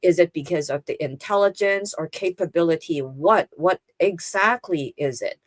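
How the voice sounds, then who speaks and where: A woman's voice: fairly low pitch, normal speed, no echo. A woman guest on a video call interview, explaining things thoughtfully and using lots of fillers. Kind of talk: casual interview chat.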